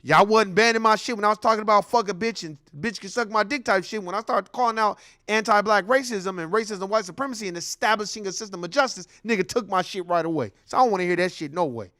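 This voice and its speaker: A man's voice: high voice, fast, hardly any pauses, bright, forceful tone, no room sound, clean studio sound. A man hosting a commentary show, ranting bluntly and heatedly, telling stories with acted-out quotes. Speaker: host.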